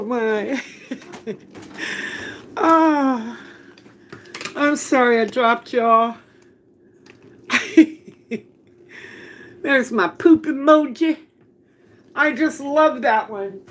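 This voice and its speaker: A woman's voice: a little high, drawn-out words, pauses often, a bit bright, a little hiss or hum. A woman hosting a casual live cooking stream from her home kitchen, chatty, laughing often and greeting viewers by name. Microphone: phone camera.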